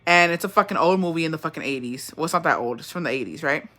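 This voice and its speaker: A podcast host in a casual, animated rant, swearing constantly. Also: mid-range voice, racing.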